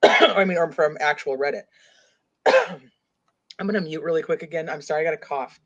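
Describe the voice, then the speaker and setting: A woman with a deep voice, speaking at normal speed, hosts a casual true-crime show. Her talk rambles and is packed with "like" as she reads out comments, all captured in dull lo-fi audio.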